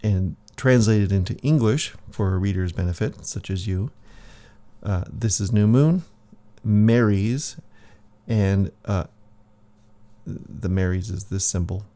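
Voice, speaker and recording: A man casually reading his own comic aloud, halting often and adding soft asides. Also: fairly low pitch.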